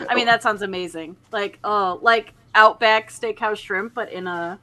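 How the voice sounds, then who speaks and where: A woman's voice: mid-range voice, moderate pace, sharp tone. A woman co-hosting a casual chat who laughs often, jokes around and reads viewer comments aloud. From Pittsburgh area. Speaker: podcast co-host.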